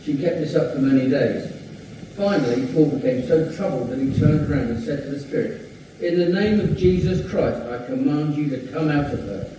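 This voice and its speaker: Male reader, slightly higher pitch, plain steady reading, distant roomy church sound with faint ambience. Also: moderate pace, slight background noise. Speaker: congregation member reading scripture. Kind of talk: reading aloud.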